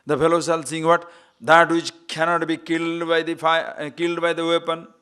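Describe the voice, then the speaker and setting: A man's voice: fairly high pitch, level tone, moderate pace, pushed and bright, smooth. A man giving a spiritual talk, playful and laughing often, asking rhetorical questions. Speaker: spiritual teacher.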